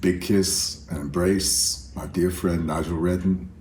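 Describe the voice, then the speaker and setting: An older man with a very low voice delivers a personal tribute, unhurried and reflective. He speaks straight to his friend. The sound is roomy with a faint hiss behind it. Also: little pitch movement. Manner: warm, reflective, addresses friend directly. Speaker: artist giving a video tribute. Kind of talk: heartfelt spoken tribute. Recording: roomy self-recorded video message.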